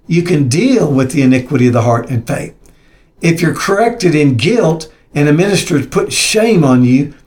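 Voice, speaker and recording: A man's voice: fairly high pitch, a little mellow. A man preaching a sermon, reading scripture aloud and speaking plainly, often repeating himself and restarting. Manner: halting, repeats words and restarts; reads scripture aloud between plain comments.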